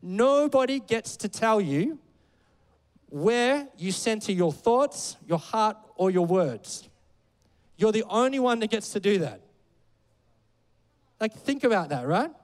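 High-voiced casual preacher in a reverberant hall. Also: male voice, big pitch swings, slow pace, pauses often. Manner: conversational, filler-heavy, playful. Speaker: pastor. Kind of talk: casual sermon.

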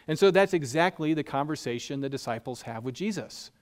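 A man's voice: fairly high pitch, a little fast, few pauses. A man preaching a sermon in a conversational, humorous way, asking his listeners rhetorical questions. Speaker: pastor.

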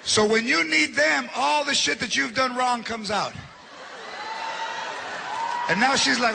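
A man doing stand-up, telling an animated family story. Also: very high-pitched, unhurried, creaky, pauses often, noisy background. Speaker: stand-up comedian.

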